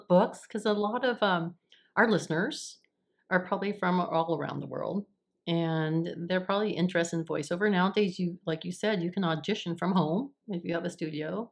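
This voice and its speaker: A woman hosts an interview in a low, gravelly voice. She encourages her guest and asks long questions that wander before they land. Her tone is casual. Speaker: interview host.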